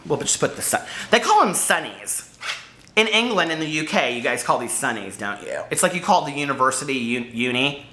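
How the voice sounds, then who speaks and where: A man's voice: medium pitch, sing-song, brisk, bright, forceful tone. An American man vlogging casually to camera about books, chatty and rambling with lots of asides. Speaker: book vlogger. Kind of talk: casual unboxing chat to camera. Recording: echoey room.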